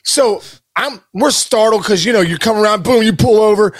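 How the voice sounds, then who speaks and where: Excitable man telling a wild story. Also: sits high, normal speed. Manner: excitable, says dude and bro a lot; acts out voices while telling the story. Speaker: podcast co-host. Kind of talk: animated storytelling.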